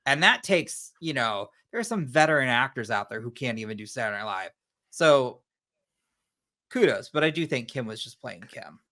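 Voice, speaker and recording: A man co-hosts a horror podcast, chatting casually and gushing with slangy asides. His medium-pitched voice is sing-song and sharp in tone, moving at a moderate pace.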